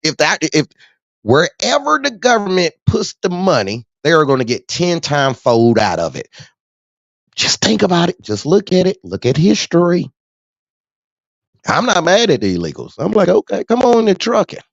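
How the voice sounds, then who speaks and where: Animated trucker man, lively pitch. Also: normal speed, no room sound. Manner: animated, street slang, frequent laughs. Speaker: truck driver. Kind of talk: casual rant to camera. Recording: dull dry lo-fi sound.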